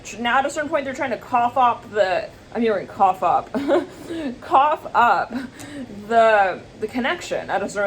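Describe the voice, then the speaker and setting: A woman giving a casual, rambling tarot reading to camera, chatty and quick to laugh, slipping into high squealing voices when she quotes people. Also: very animated, a little hiss or hum. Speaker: tarot reader.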